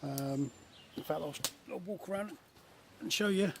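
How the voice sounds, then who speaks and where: Relaxed chatty man camping outdoors. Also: fairly high pitch, a little slow, gravelly. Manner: relaxed, chatty, many fillers. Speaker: vlogger. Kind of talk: casual camping vlog. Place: woodland camp outdoors by a river. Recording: outdoor recording with faint nature noise.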